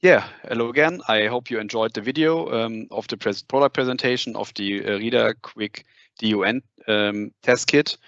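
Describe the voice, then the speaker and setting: Halting man demonstrating lab steps, roomy. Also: on the low side, a bit bright, muffled recording. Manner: halting, many fillers and restarts, step-by-step explaining. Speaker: product demonstrator. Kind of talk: live lab demonstration over a video call. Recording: roomy sound with faint noise.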